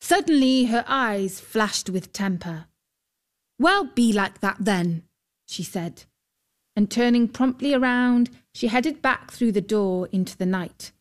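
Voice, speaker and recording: Slow, measured woman storyteller. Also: a little high. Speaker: narrator. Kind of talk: scripted storybook narration.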